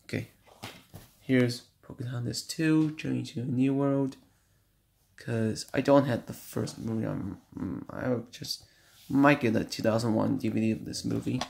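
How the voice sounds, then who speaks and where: A man at home walks through his DVD collection, stumbling over titles and reading out running times. His delivery is slow, with a gravelly, fried edge. The camera mic picks up faint background noise. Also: mid-range voice, fairly even intonation. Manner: shouts at noisy kids, then apologizes. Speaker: collector showing his DVDs. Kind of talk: casual home video show-and-tell.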